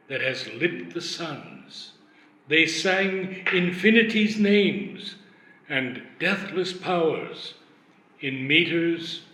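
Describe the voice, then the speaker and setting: An older man reading poetry aloud in a slow, measured way and sharing memories. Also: a little high, sharp tone. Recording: echoey room.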